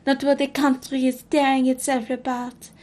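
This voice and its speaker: A woman voicing a proud, troubled French queen reading from her journal, with a put-on French accent and a dramatic, measured delivery. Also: high-pitched, flat delivery, darkish tone, natural voice. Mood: regal, grave.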